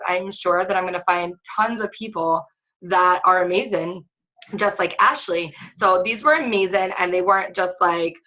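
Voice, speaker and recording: Woman, fitness coach, casual webinar training, chatty, filler-heavy, lowish pitch, muffled recording. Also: sharp tone.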